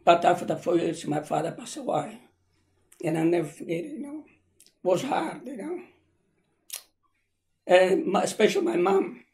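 An older man from Italy, recalling his past in halting, emotional, broken English. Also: high-pitched, big pitch swings, darkish tone. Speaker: interviewee. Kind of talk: personal recollection.

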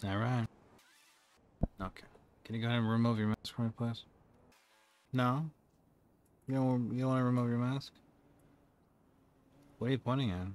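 A young man playing a police officer in an online game role-play, talking calmly and coaxingly with dry jokes. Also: medium pitch, moderate pace, long pauses, clear, resonant tone. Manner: calm, coaxing, dryly joking.

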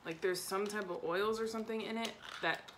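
A young woman chatting excitedly at home as she unboxes makeup, gasping and giggling as she goes. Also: medium pitch, fairly quick, a little hiss or hum. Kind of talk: excited casual unboxing chat. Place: home room.

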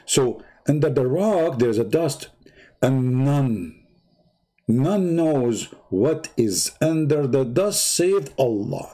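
A man's voice: mid-range voice, animated, a little slow, mellow. A man hosting his own channel, giving sarcastic commentary while he draws, with rambling asides and mocking rhetorical questions. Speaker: channel host.

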